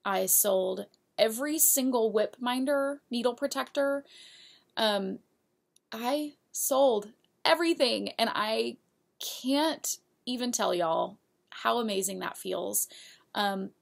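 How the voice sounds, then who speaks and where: Gravelly, slow-talking woman. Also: a little high. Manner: chatty, giggly, talks straight to viewers. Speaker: knitting podcast host. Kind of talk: casual show-and-tell of yarn purchases.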